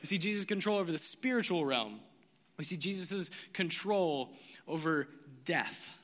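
A man preaching a sermon in a dramatic, casual way, dropping from loud, quick bursts to low, slow lines and slipping slang into his preaching. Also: animated. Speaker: pastor. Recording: long hall reverb.

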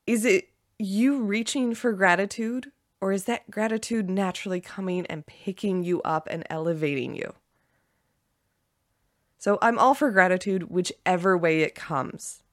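A woman hosting a solo podcast, talking with enthusiasm and acting out excited quotes. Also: mid-range voice, moderate pace, dry recording, clean studio sound. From Canada. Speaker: podcast host.

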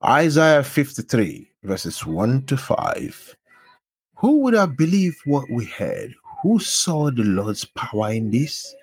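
A man's voice: mid-range voice, very animated, slow, slightly rough, no echo. A man reading Bible verses aloud, announcing each book and verse before reading it with emphasis. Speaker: scripture reader.

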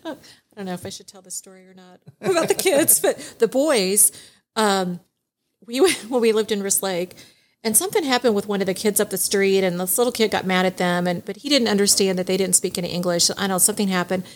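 Animated middle-aged woman telling stories. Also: mid-range voice, fairly quick. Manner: animated, laughs often while telling stories. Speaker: guest, divorce mediation attorney. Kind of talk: casual podcast storytelling.

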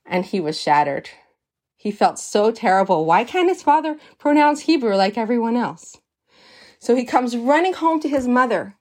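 Woman teaching torah, earnest and emphatic, slightly higher voice. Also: big pitch swings, moderate pace, a little mellow. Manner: earnest, emphatic, sprinkles Hebrew terms. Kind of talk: storytelling lesson.

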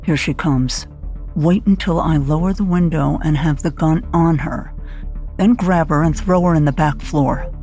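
Cold female heavy in an audiobook, low and menacing, voiced by the woman narrator. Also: measured pace, warm tone, faint music behind. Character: hard square-shouldered woman kidnapper, cold.

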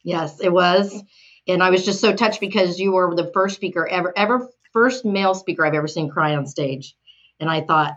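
Low-voiced woman host, admiring. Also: normal speed, highs cut off. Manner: admiring, warmly affirming. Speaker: interview host. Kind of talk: interview conversation.

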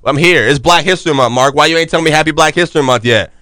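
A young man hosting a podcast, chatting casually with friends in an excited, joking way full of slang. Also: fairly high pitch, rapid-fire, no room sound, studio quality. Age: young adult. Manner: hyped, joking, talks with lots of slang. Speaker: podcast host. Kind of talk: casual chat.

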